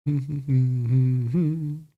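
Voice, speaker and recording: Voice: mid-range voice, steady tone, very slow, phone-quality sound. An American streamer giving casual, playful commentary over a board game, muttering and humming along. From United States. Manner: playful, muttering, hums to themself.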